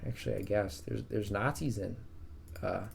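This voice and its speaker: A man's voice: fairly low pitch, fairly even intonation, moderate pace, vocal fry, a little mellow, slight background noise. A young man casually commenting on his strategy game live stream, joking with his chat. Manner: chatty, jokey, talks to chat.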